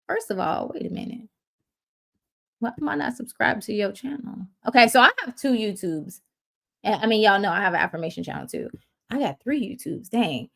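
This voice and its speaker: A woman's voice: a little high, creaky, a bit bright. A woman chatting casually on her livestream, slangy and full of fillers, talking straight to her viewers. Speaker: YouTuber hosting a livestream.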